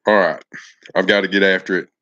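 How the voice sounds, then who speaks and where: Folksy low-voiced man on a live stream. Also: fairly even intonation, a little fast, bright, forceful tone, highs cut off. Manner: folksy and affectionate, addresses viewers by name. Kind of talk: casual live-stream chat with viewers.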